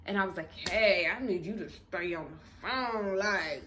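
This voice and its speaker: A woman telling a story in a casual storytime video, expressive, swearing freely and acting out the people she quotes. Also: medium pitch, a little slow, few pauses, slight background noise.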